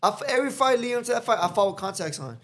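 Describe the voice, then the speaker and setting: A man's voice: sits high, lively intonation, racing, fairly bright tone. A man guest on a podcast, telling stories in casual, profane chat, laughing often and acting out what people said. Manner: profane, laughing storyteller who acts out quotes.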